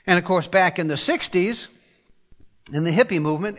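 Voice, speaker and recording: Emphatic older preacher from Tennessee. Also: male voice, sits high, moderate pace, long reverb tail. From Tennessee, USA. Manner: emphatic, rhetorical questions, voice climbs when pressing a point. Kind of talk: sermon.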